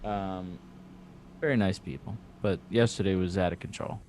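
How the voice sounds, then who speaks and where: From a cluttered bedroom, a man hosts a podcast over a video call using a clamp mic on his table, telling a rambling, self-deprecating story. His low, slightly mellow voice holds a steady tone at a moderate pace, with a little hiss or hum.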